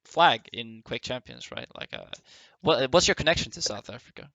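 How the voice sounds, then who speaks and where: Host: man, bright forceful tone, dry sound, halting casual questions. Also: medium pitch, huge pitch swings, vocal fry, dry recording. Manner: hesitant questioning. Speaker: interviewer. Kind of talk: casual chat on a call.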